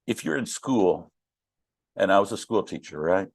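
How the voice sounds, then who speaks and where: A man's voice: low voice, animated, moderate pace, creaky, no room sound. A middle-aged man teaching a Bible class in a conversational way, asking the class questions and joking with them. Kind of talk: interactive Bible study teaching.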